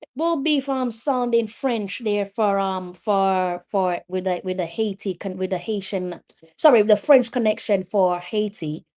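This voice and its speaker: A woman streams live match commentary in a loose, conversational way, talking straight into her microphone. She is chatty between plays and breaks into loud, exasperated exclamations when the action turns. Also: mid-range voice, unhurried. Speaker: watch-along match commentator.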